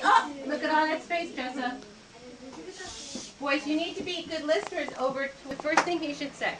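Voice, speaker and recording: A woman's voice: sits high, moderate pace, a crowd in the background. A woman etiquette instructor teaching a group of children, upbeat and teacherly, acting out greetings and handshakes. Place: library program room. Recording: echoey room, distant mic, background noise.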